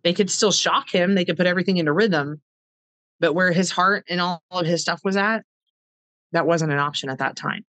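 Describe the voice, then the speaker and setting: A woman's voice: lowish voice, moderate pace, a bit bright, no room sound, low-quality recording. A middle-aged woman, a podcast guest, telling a personal story with heartfelt earnestness, acting out past conversations in quoted dialogue.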